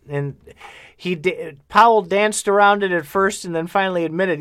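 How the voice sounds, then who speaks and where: A man's voice: sits high, normal speed, a bit bright, clean tone. A man co-hosting a casual talk show, ranting bluntly and heatedly about money. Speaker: podcast co-host. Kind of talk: casual chat.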